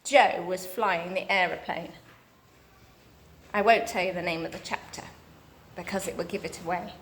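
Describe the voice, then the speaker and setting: A woman reading a children's book aloud, steady and expressive. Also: lowish voice, normal speed, a little hiss or hum. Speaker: storybook reader.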